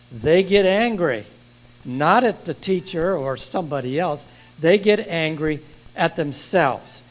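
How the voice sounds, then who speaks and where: An older man preaching a sermon in a church, lively and asking the congregation questions. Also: high-pitched, rough recording.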